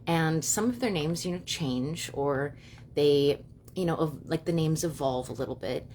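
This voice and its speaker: A young woman hosting a live stream from home, talking quickly and casually with lots of "you know" and "like". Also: sits low, a little mellow, a little hiss or hum. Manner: fast, chatty, many fillers like "you know" and "like". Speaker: livestream host and witch.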